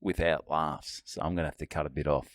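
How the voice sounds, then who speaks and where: A man's voice: rumbling low, fairly even intonation, fast talker, no echo. An Australian man co-hosting a podcast, teasing his friend with sweary, dry humor. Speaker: podcast co-host. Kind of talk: casual banter.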